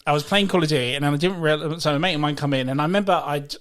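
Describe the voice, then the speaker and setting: A man's voice: a little high, very fast. A man co-hosting a podcast, telling stories in a casual chat among friends and laughing often. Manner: animated storyteller, laughs often. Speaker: podcast co-host.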